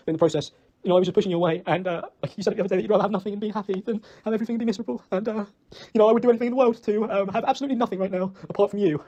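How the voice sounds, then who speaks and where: Young British guy, choked up and self-blaming, mellow tone, talks in a fast spill. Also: high voice, steady tone, highs cut off. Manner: rambling, self-reproaching, swears often. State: emotional, choked up. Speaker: ex-boyfriend leaving an apology message. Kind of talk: recorded personal voice message.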